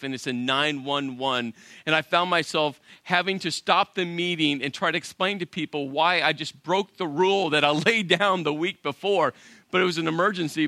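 Middle-aged male pastor, lively sermon storyteller who voices every part of the dialogue. Bright, forceful tone, slightly high for a man, dry close sound. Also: no echo. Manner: animated, acts out both sides of dialogue, self-deprecating humor.

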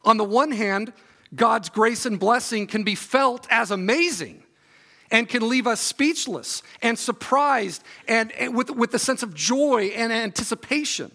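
High, bright-voiced male preacher. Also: a little slow. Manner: relaxed, joking asides before earnest teaching. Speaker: guest preacher. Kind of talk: sermon with scripture reading. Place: church sanctuary.

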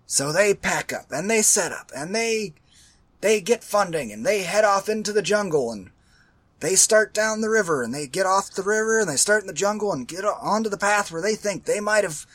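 A high-pitched man recaps a film in a casual podcast chat, then rants, swears and yells about it. He talks over a headset on a call, and his voice is going hoarse. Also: lively intonation, moderate pace. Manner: ranting, profane, shouts when angry. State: losing his voice. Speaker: podcast co-host. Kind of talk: casual movie-review chat. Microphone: headset over a video call.

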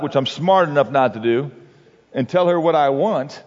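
A man giving a sermon-like talk on marriage and parenting, conversational and halting, with frequent restarts and "you know.". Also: fairly high pitch. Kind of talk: sermon-like talk with anecdotes and quotes. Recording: dull recording with long hall reverb.

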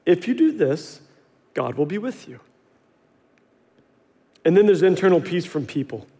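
A male pastor in his thirties delivers a sermon with animated storytelling, acting out what people said and poking fun at himself. His voice sits high for a man. The sound carries a long reverb, like a large church sanctuary. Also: a little slow. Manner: animated storytelling, acts out quotes, self-deprecating humor.

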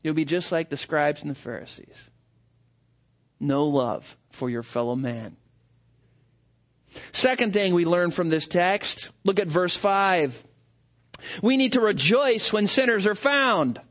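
A man preaching a sermon, animated, acting out quoted voices with big swings in his delivery. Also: high voice, slow, long pauses.

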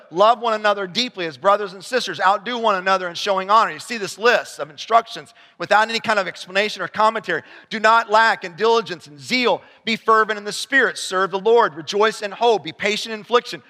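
A man preaching a sermon as pastor, animated and rising to near-shouts when excited. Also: sits high, in a large hall.

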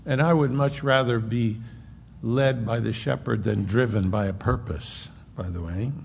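A man preaching a sermon, emphatic and conversational, slowing down to stress points. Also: medium pitch, vocal fry, darkish tone. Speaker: pastor. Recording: long hall reverb, faint noise.

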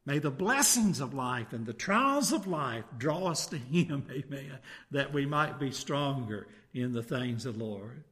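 A man's voice: medium pitch, lively intonation, measured pace, hardly any pauses, a bit bright. A man preaching a sermon, reading a scripture passage aloud and then preaching on it with rhetorical tag questions. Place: church.

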